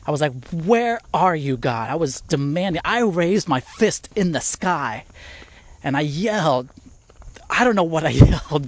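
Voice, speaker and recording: A young man telling a personal story in a casual sermon, laughing often and swinging between loud bursts and quiet, low asides. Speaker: preacher.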